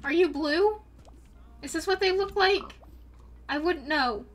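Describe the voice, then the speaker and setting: A young woman livestreaming a game in casual chat, excitable and prone to gasping and squealing at what she finds. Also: very high-pitched, unhurried, a little hiss or hum. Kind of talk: casual gaming stream chat.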